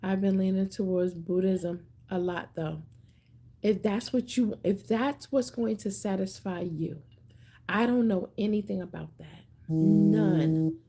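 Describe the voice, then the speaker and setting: A woman's voice: mid-range voice, unhurried, mellow, slightly rough, soft background music. A woman hosting a casual livestream, chatting playfully with viewers and reading their comments aloud, often repeating herself for emphasis. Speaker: livestream host.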